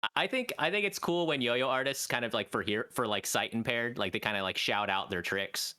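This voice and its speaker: A man's voice: medium pitch, brisk, bright, forceful tone, smooth. A man hosting a podcast, leading improv games in a rambling, mock-teacherly way full of fillers. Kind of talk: casual chat.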